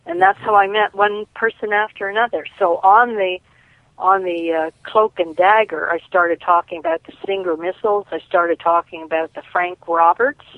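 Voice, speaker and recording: A woman's voice: on the low side, fairly even intonation, normal speed, dry recording. Rambling woman on a tinny phone line. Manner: rambling storyteller, many restarts. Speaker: caller and guest. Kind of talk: casual phone interview.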